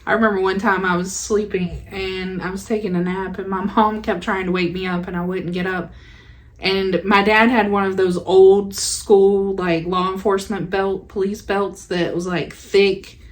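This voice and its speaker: A woman's voice: medium pitch, little pitch movement, moderate pace. A young woman co-hosting a podcast, telling a childhood story in casual chat, teasing her co-host and laughing along. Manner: teasing, sarcastic, laughs often.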